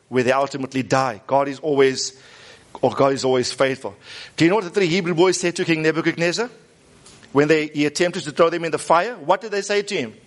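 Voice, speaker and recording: A man, preaching a lively sermon and coaxing the congregation to repeat lines after him. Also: a little high. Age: 50s. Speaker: pastor.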